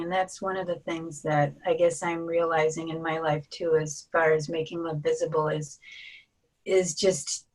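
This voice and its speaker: A woman guest artist reading a reflective piece softly, then speaking gently with some hesitation. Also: on the low side, poor audio. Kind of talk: reading a reflective text and casual talk.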